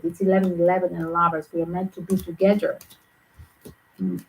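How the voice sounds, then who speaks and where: A woman's voice: mid-range voice, steady tone, normal speed, a little hiss or hum, poor audio. A woman giving a tarot reading as the channel host, talking in loose, rambling phrases. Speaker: tarot reader.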